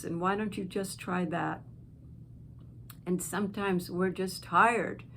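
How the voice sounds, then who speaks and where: A woman speaks slowly and gently, pausing often between her words. Her pitch sits in the middle of the range. A faint hiss of background noise runs under the recording. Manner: slow, gentle and heartfelt, with pauses. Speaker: channel host. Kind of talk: encouraging direct-to-camera talk.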